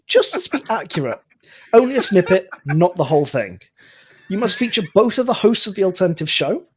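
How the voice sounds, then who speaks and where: A man's voice: sits high, sing-song, brisk, husky. A man co-hosting a show, explaining the rules of a challenge in a rambling, chatty way with many fillers. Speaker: co-host. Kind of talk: casual chat.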